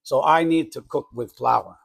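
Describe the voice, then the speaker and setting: A husky, mid-range voice with vocal fry moves at a slightly slow pace. The middle-aged New England man, accent intact, hosts a home baking channel and casually shows a cake recipe in his kitchen, rambling, correcting himself and making chatty asides.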